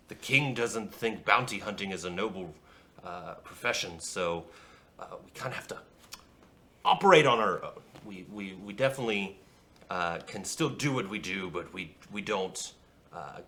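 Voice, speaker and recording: A man's voice: low voice, pushed and bright, slight background noise. A man voicing a young scruffy man in a tabletop fantasy game, stammering, hesitant and secretive. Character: young scruffy man hiring a killer, furtive.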